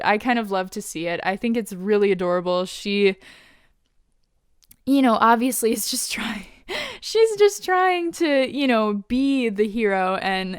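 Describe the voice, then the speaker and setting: A woman's voice: medium pitch, clean tone, dry recording, clean studio sound. A woman hosting a podcast, casually recapping an episode, laughing often and paraphrasing characters' lines. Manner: giggly, laughs often while retelling scenes; quotes characters in quick paraphrase. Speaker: podcast host.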